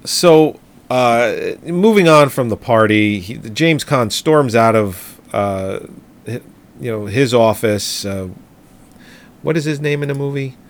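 A man's voice: mid-range voice, expressive, slow. A man co-hosting a casual film podcast, recapping plot in a rambling, hesitant way with many fillers. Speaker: podcast co-host.

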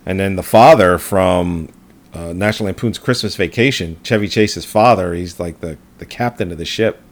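A man's voice: low-pitched, moderate pace, gravelly. A man co-hosting a podcast in casual movie chat, rambling through gory jokes and laughing at his own riffs. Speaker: podcast co-host.

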